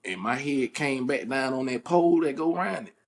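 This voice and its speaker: A young man hosting a podcast tells a childhood story in casual chat, his mid-range voice moving a little fast. He's an animated storyteller who acts out the voices of the people he quotes and laughs at himself along the way.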